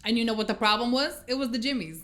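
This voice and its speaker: A woman's voice: on the high side, fast talker. A woman giving a casual movie review, exasperated and swearing as she retells scenes. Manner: exasperated, swearing, animated storytelling.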